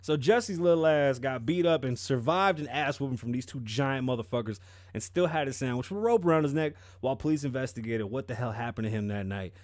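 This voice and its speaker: A man's voice: mid-range voice, expressive, brisk, darkish tone, dry recording, studio quality. Sarcastic man riffing on the news. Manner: mocking, rhetorical questions, breaks off to laugh. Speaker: commentary vlogger. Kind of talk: profane sarcastic news commentary.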